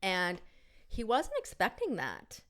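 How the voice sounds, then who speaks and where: A woman's voice: medium pitch, huge pitch swings, slow pace, fairly bright tone. A middle-aged woman co-hosting a casual chat and telling a story with many fillers and restarts. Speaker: podcast co-host.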